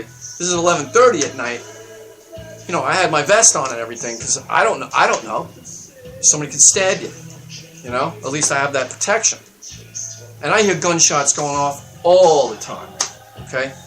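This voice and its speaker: A man delivering a heated, profane talk-radio rant, getting louder and higher as he stresses his points. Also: lively intonation, fairly quick, soft background music. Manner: heated, profane, emphatic ranting that climbs in pitch and volume. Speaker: radio show segment contributor. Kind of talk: ranting talk-radio monologue. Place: radio studio.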